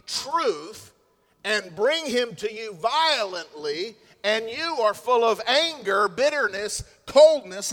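A man preaching a sermon as a pastor, swinging between loud stressed lines and hushed asides. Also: high-pitched. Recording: long hall reverb.

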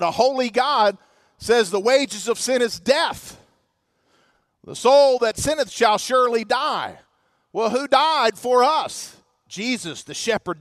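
A male pastor in his forties preaches with an emphatic, questioning delivery. His voice sits very high for a man and comes across dry and close, with little room sound. He slows right down whenever he stresses scripture. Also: a bit bright, no echo. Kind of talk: sermon.

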